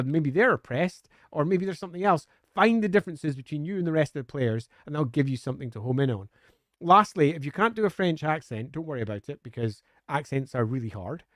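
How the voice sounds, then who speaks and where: A man's voice: on the high side, lively intonation, a little fast, dry recording, clean studio sound. A man on a live stream answering viewer questions in a chatty, upbeat way, with frequent hesitant fillers.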